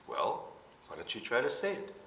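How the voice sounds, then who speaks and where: A seventy-year-old man, a minister, explaining things gently and patiently in a light comedic skit. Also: mid-range voice, wildly swooping pitch, normal speed, slight background noise. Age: 70s. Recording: roomy hall, mic at a distance.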